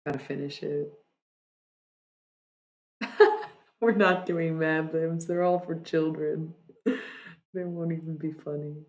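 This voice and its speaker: A streamer with a gravelly, fry-laden voice pitched in the middle range, speaking into a desk mic. The prose is read with slow, deliberate weight. The chat afterwards is soft and rambling, full of "like"s. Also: steady tone. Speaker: livestreamer. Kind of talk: reading own prose poem aloud, then casual livestream chat.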